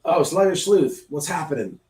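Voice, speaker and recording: A man hosting a casual live stream, talking in an animated, repetitive way and acting out scenes as he speaks. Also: a little high, normal speed, recorded from a distance. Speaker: livestream host. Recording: roomy, off-mic sound.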